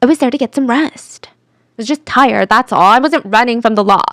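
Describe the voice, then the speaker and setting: Woman voicing flat, rehearsed female suspect, slightly high voice. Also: normal speed, no room sound, studio quality. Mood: flat, evasive. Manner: matter-of-fact, rehearsed. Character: woman suspect, calm, flatly evasive.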